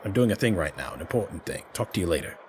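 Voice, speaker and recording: A man's voice: low-pitched, animated, rapid-fire, a little hiss or hum, pitched below the performer's own voice. A man voicing an intense, busy fixer who talks in clipped, impatient bursts. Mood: curt.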